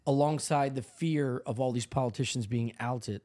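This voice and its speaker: A man's voice: mid-range voice, moderate pace, dark tone. A man co-hosting a comedy podcast, rambling in crude, joking chat. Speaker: podcast co-host.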